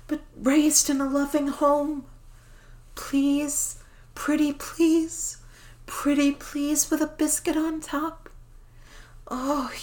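A young woman voicing a devoted, eager dog-girl pet in a whispered role-play, breathy and pleading. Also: sits high. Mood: eager, doting, then breathless, adoring. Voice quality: breathy, soft and hushed. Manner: pleading, affectionate and clingy. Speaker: voice actor.

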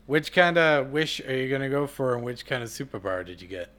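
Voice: mid-range voice, expressive, a little fast, a bit bright. A podcast host in casual chat who asks playful questions, laughs often and swears.

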